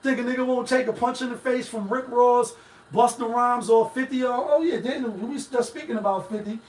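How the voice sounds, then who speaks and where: A man with a high-pitched voice holds forth on his live stream in loose, rambling commentary. He swears freely and talks straight to his viewers. His voice bounces around an echoey room from a mic set some way off. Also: steady tone, normal speed, a little mellow, distant mic. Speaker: live-stream show host. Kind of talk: casual commentary.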